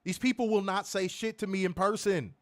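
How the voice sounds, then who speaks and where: Angry male co-host, high voice, profane heated rant on a stream. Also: steady tone, fairly quick. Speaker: wrestling show co-host.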